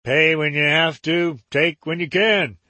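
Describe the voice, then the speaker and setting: A man's voice: fairly high pitch, a little slow, pushed and bright, no room sound. A man voicing a sly, offhand male mule handler in a story reading.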